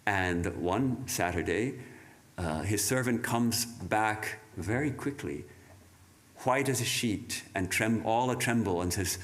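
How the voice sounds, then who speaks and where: A man giving a reflective sermon, speaking in a measured way with halting restarts. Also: lowish voice. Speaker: monk giving a talk.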